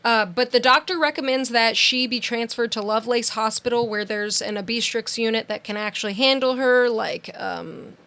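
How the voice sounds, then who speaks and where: A woman's voice: a little high, normal speed, few pauses. A young woman co-hosting a podcast, retelling a true-crime case in casual chat with lots of "like"s and acted-out quotes. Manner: animated storytelling, many "like"s and quoted voices. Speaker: podcast co-host.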